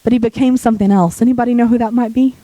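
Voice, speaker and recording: A woman preaching a sermon in a church while sick, her voice deepening, talking conversationally and joking with the congregation. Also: fairly even intonation, racing, mellow, dry recording, rough recording.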